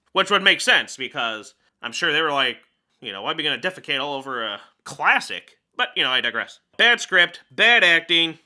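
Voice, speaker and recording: A man's voice: fairly high pitch, bright, forceful tone. A man hosting a comedic film review, grumbling sarcastically and joking in self-pity.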